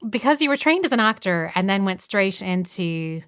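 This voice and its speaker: A woman's voice: medium pitch, big pitch swings, normal speed, a bit bright, smooth. A woman interviewing a guest, curious and encouraging, asking follow-up questions.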